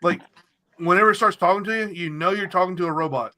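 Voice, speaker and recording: Podcast co-host, man, fast and bright, loose and profane. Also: sits high. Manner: rambling, repeats phrases, swears freely. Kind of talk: casual podcast banter.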